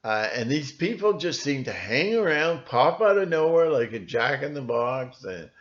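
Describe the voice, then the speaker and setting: A man talking in a rambling solo monologue, halting often with fillers and restarts. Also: mid-range voice, very animated. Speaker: channel host. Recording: dull lo-fi recording.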